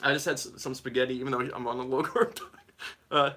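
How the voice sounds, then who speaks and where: A man's voice: mid-range voice, flat delivery, quick pace, pushed and bright. A man teaching guitar on a live stream, giggling and rambling as he reads the chat, with guitar playing behind.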